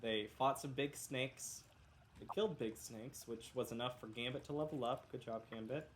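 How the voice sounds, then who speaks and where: A man's voice: medium pitch, normal speed. A man running a tabletop game, recapping the last session in a loose, rambling way, correcting himself often, coughing now and then because he is unwell. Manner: rambling, self-correcting, joking. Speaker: game master.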